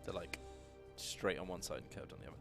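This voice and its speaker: A man, co-hosting a livestream and commenting casually on his own strategy gameplay with excitable reactions. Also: deep voice, fast, vocal fry. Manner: excitable, reacts loudly to the game. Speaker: co-host playing a strategy game on a livestream. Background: game music.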